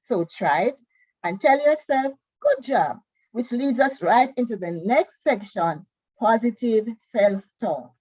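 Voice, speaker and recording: Bible study teacher, woman, husky and unhurried, muffled lo-fi stream audio. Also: on the high side, animated, darkish tone, dry recording. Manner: slow, careful reading of scripture and worksheet questions.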